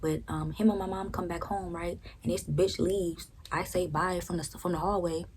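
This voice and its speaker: A young woman with a low, dark-pitched voice tells a personal story in a casual, blunt way. She swears freely and keeps checking in with the listener. A faint background hum sits under her voice. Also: steady tone, normal speed. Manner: frank, profane, repeats "right?" often. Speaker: storytime vlogger.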